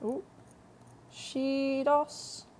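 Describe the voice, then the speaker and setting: A woman teaching Korean in a live-streamed lesson, chatty, explaining step by step and slowing down to model translations. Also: high-pitched, flat delivery, a little mellow.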